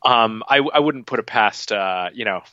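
Bright-voiced man on a dull, dry mic. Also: on the low side, moderate pace, no echo. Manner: wry, hesitant starts, laughs while joking. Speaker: boxing podcast co-host. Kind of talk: casual conversational commentary.

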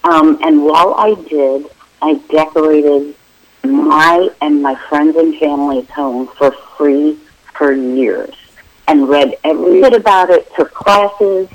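A woman's voice: sits low, low-quality recording. Friendly middle-aged woman, lots of ums. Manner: friendly, informal, many "um"s. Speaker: interior designer and business owner, guest. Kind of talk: remote interview, explaining her work.

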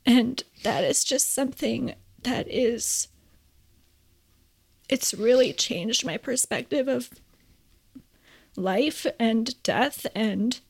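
Slow, gravelly-voiced woman, tearful. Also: a little high, darkish tone. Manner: tearful, earnest, pausing often. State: crying. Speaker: podcast co-host. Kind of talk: heartfelt conversational podcast.

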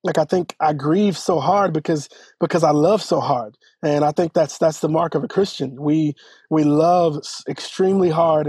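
A man with a husky, slightly high voice tells his own story in an interview. He talks earnestly and haltingly, often restarting his sentences. The recording is close and dry. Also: darkish tone, no room sound. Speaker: church elder and podcast guest. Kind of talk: personal testimony in an interview.

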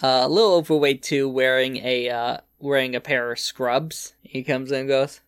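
A man narrating as game master in a relaxed, halting way with many fillers. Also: mid-range voice, clean tone, no echo, studio quality.

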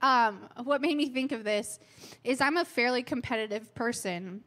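Woman preacher, thirties, slightly high voice, casual candid delivery, fighting a cold. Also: moderate pace, a bit bright. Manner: candid, self-mocking storytelling with fillers. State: has a cold, clearing her throat. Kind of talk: sermon.

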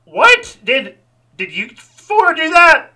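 Squeaky indignant young janitor, put on by a man, pitched way up. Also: wildly swooping pitch, unhurried, sharp tone, heavily acted. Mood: shocked. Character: flustered pimpled young male janitor.

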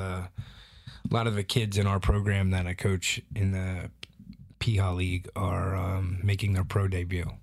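A man co-hosting a casual chat, telling stories in a loose, profane, animated way. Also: low-pitched, no room sound. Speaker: podcast co-host.

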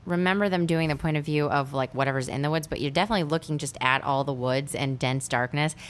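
A woman's voice: low voice, fast talker. A woman co-hosting a podcast, casually recapping a film's plot in a rambling way, with many fillers. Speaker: podcast co-host.

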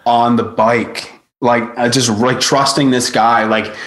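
Speaking at a slow pace in a medium pitch, this man is a guest on a podcast recounting a story from touring. The chat is casual, and he animates it by acting out quotes and dropping "like" often.

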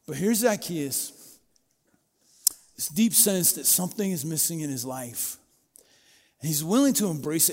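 A middle-aged man preaching a sermon in a relaxed, conversational way, storytelling and acting out quoted voices. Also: fairly high pitch, in a large hall. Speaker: pastor.

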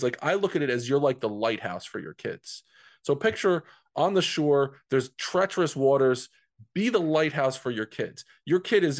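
A man's voice: mid-range voice, dry recording, studio quality. A man from New Jersey, a men's coach telling a personal story as a podcast guest, earnest and conversational, often repeating words.

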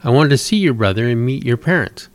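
A man voicing a kind, well-dressed male surgeon in a read-aloud story, speaking gently and reassuringly. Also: mid-range voice, lively intonation, fast talker, dry recording, natural voice.

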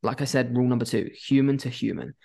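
A young man with a mid-range voice talks straight to the camera about running his agency. He is blunt and animated and swears now and then. He acts out phone calls with clients as he goes. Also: medium pitch, fast talker, gravelly. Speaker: agency owner giving business advice. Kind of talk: casual talking-head advice.

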